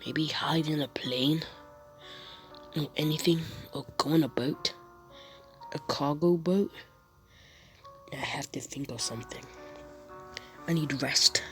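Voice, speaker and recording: Low, slow, half-whispered brooding werewolf teen, read by a stuffy-nosed woman in a fan voiceover story. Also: a bit bright, faint music behind. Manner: murmured brooding inner monologue, half-whispered. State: congested from a cold. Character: brooding teen boy werewolf, cold and hungry.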